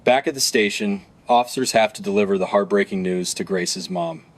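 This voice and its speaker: Low-voiced man narrating true crime. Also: animated, a little fast, a little hiss or hum. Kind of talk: scripted narration.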